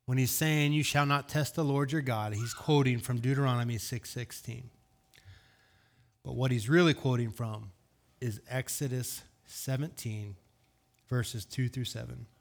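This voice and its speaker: A man preaching a sermon as pastor, earnest, asking rhetorical questions and swinging between hushed words and raised emphasis. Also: mid-range voice, fairly even intonation, moderate pace, vocal fry.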